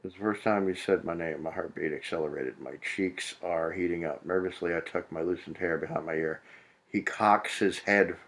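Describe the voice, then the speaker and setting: Gravelly low-voiced man, crude and exasperated. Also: moderate pace, fairly bright tone. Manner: profane, exasperated, mocking. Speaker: comedic reader. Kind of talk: comedic read-aloud with crude commentary.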